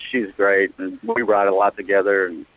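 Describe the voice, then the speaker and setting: A man's voice: low voice, level tone, moderate pace, dry recording, narrow, tinny audio. A man chatting as an interview guest, rambling and profane, often laughing at his own stories. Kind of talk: casual chat.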